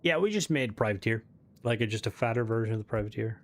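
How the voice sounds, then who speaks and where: Gravelly man mumbling while he builds. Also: fairly low pitch, animated, quick pace. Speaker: streamer. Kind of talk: casual gameplay commentary.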